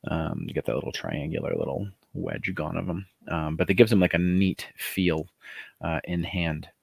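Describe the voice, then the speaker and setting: Gravelly low-voiced man chatting on livestream. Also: normal speed, no echo, clean studio sound. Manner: chatty and excited, many fillers, greets viewers. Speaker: author running a crowdfunding livestream. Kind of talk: casual livestream chat.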